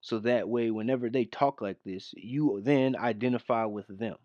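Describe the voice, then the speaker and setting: A man's voice: medium pitch, normal speed, darkish tone, no room sound, lo-fi sound. Scornful man with a dry close sound. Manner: scornful, mocking, mimics voices. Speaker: commentary host. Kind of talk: reaction commentary on a clip.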